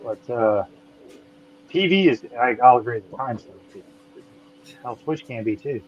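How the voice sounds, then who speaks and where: A man's voice: mid-range voice, lively intonation, measured pace, slight background noise. A man chatting on a livestream, hesitant and full of fillers. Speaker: guest. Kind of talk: casual livestream chat. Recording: muffled mic.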